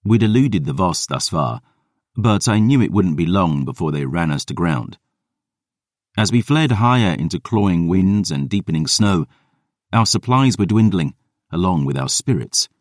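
A man narrating a fantasy audiobook in a measured, dramatic reading. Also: low voice, expressive, no echo, studio quality.

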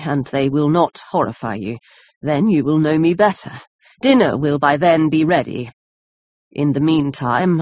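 A woman voicing a courteous, remorseful male doctor in a measured, formal reading. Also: sits low, no room sound. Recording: dry, slightly muffled lo-fi recording.

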